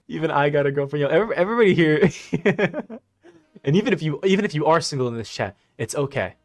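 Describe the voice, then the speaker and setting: A man's voice: on the high side, lively intonation, quick pace. Young man mocking on a livestream. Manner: mocking, laughing, slangy. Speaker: livestream host. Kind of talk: casual livestream commentary.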